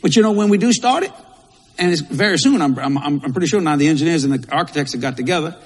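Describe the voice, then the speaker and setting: A man's voice: fairly high pitch, animated, fast talker, husky. A male pastor, preaching a sermon in a folksy, repetitive way with Southern turns of phrase. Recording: long hall reverb.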